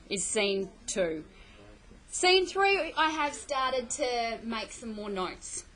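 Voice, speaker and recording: Slow, bright-voiced woman teacher. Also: high voice, rough recording. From Australia. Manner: slow, patient, checks understanding with "okay?". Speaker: English teacher. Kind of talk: explaining a play to students.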